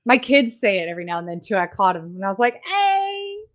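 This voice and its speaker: A woman's voice: on the low side, very fast, fairly bright tone, muffled recording. A Canadian woman co-hosting a podcast, chatting casually in a rambling, self-deprecating way. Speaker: podcast co-host. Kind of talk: casual chat.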